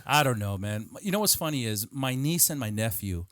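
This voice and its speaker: A man's voice: medium pitch, fairly quick, dry recording, clean studio sound. A middle-aged man hosting a podcast, telling stories animatedly and swearing freely. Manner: animated, profane, acts out quotes. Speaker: podcast host. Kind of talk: casual storytelling chat.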